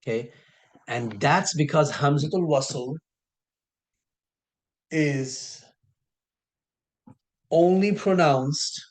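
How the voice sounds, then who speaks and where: Patient man teaching, repeating sounds slowly. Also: on the high side, a little mellow. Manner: patient, repeats key sounds slowly and stretches words for emphasis. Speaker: Arabic teacher. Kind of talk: recorded online lesson.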